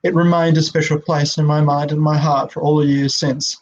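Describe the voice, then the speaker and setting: A man's voice: on the high side, level tone, a little fast. A sixty-year-old Australian man, an out-of-work actor, rambling through a heartfelt spoken monologue and swearing when upset, on a dull lo-fi recording. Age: 60s.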